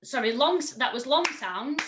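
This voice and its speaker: A woman teaching a recorded music lesson to children, encouraging and clear, singing and chanting examples. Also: high voice, lively intonation, moderate pace, highs cut off, noisy background.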